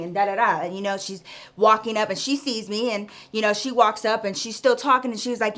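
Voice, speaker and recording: A woman's voice: medium pitch, steady tone, fairly quick, sharp tone. A woman vlogger telling a story in a frank, chatty way, talking straight to the listener. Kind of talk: casual storytime chat.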